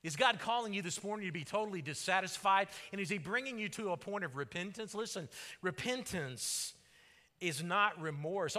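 Long hall reverb fills the large sanctuary where a man preaches as pastor, fervent and rising and falling. He sits high in pitch, sounds animated and sharp, and talks at normal speed.

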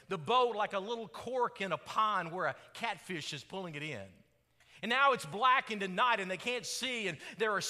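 High, bright-voiced preacher in a hall. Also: male voice. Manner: dramatic storytelling, rising to shouts and dropping to hushed tones. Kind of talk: sermon.

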